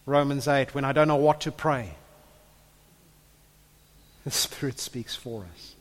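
Earnest preacher in an echoey hall. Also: male voice, medium pitch, fairly even intonation, a little slow. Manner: earnest, builds to loud impassioned peaks, repeats words. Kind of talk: sermon. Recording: echoey hall with long reverb.

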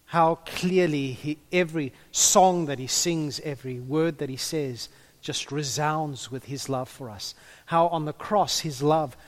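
A man preaching a sermon in a conversational way, with humorous asides and a few stumbles. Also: fairly high pitch.

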